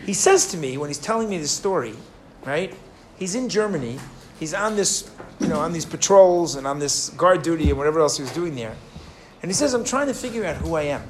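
A man with a fairly high voice gives an animated sermon, telling stories and throwing questions out to his audience. He often restarts his sentences. A faint background noise sits under the recording. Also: brisk. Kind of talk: sermon with storytelling.

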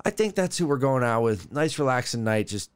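A man's voice: medium pitch, big pitch swings, a little fast, smooth. Rambling podcast co-host, a man. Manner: rambling, laughing, stumbling restarts. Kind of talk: casual comedic chat.

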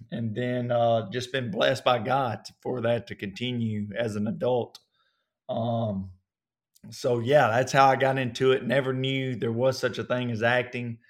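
A man in his thirties from North Alabama with a strong Southern accent, a guest telling relaxed, folksy stories in an interview. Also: mid-range voice, a little slow. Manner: relaxed, folksy storytelling with many fillers. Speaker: actor guest. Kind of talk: casual interview.

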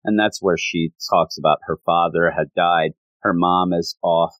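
A man's voice: deep voice, fairly even intonation, measured pace, fairly bright tone, no room sound, dull audio. A man casually recapping a story in a rambling, amused way with many asides. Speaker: anime reviewer.

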